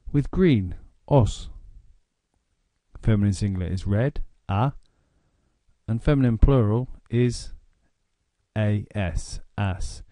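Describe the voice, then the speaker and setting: A man with an English accent narrating a grammar lesson, explaining slowly and deliberately. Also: on the low side, dark tone, no echo, studio quality. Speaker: language teacher.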